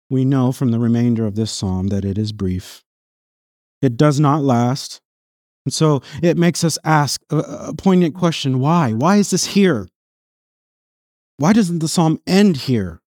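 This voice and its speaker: A man preaching a sermon as pastor, reading scripture aloud in an earnest voice that swells on emphatic lines and drops low and quiet on solemn ones. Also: dry recording, clean studio sound. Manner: reads scripture passages aloud within the sermon.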